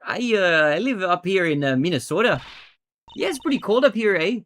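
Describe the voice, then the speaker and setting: A man's voice: sits high, very animated, a bit bright, soft background music. A man putting on a folksy upper Midwest voice that ends lines with "eh". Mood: jokey. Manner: drawn-out folksy put-on accent, ending lines with "eh".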